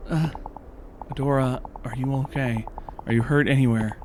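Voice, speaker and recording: A man voicing a gentle mother who reassures her daughter in a soft tone. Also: medium pitch, steady tone, moderate pace, a little hiss or hum, lightly acted. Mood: reassuring.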